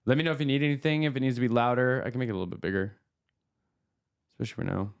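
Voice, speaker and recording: A man's voice: medium pitch, fairly even intonation, rapid-fire, vocal fry, clear, resonant tone. A man hosting a podcast live stream, talking casually, full of fillers and easy laughs. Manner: chatty, laughs easily, many fillers. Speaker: podcast host.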